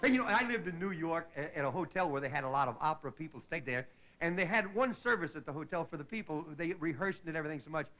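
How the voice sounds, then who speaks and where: A man's voice: a little high, expressive, fast, sharp tone. A middle-aged man from Indiana, a comedian hosting his show, telling a stand-up story in a folksy way and tagging his lines with "see?". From Indiana, USA. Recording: noisy 1960s TV broadcast recording.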